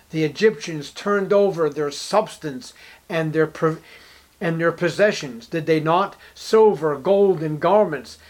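A man delivers an expository Bible sermon, reading scripture aloud in King James style. His emphatic delivery climbs to forceful peaks on key words, and he poses rhetorical questions with strong emphasis.

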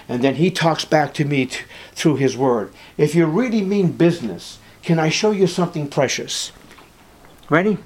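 A middle-aged male pastor preaching with fervent, impassioned delivery. His voice sits a little higher than most men's. He leans on long dramatic pauses between phrases. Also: darkish tone. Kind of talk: sermon.

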